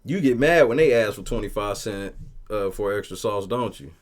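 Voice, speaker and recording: A man hosting a casual livestream, talking profanely and telling stories with lively shouted bits as he reads the chat. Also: lowish voice, normal speed. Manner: profane, animated storytelling with shouted quotes. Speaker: livestream host reading chat.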